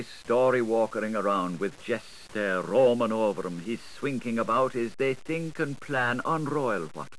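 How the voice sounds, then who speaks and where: A man's voice: medium pitch, a bit bright, slight background noise, poor audio. A man giving a dramatic literary reading in a playful, rhythmic, sing-song manner. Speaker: reader.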